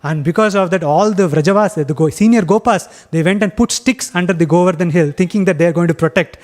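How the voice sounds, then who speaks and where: Male class speaker, slightly high voice, retells scripture haltingly with fillers. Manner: halting, many fillers and restarts. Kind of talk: devotional storytelling class.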